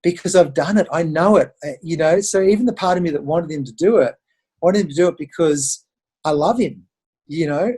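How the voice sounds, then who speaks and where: A middle-aged Australian man, a podcast guest, telling stories in an animated, conversational way and acting out the voices of the people he quotes. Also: a little high, fairly quick, breathy edge. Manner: animated storyteller who acts out quoted voices. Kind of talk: conversational interview storytelling.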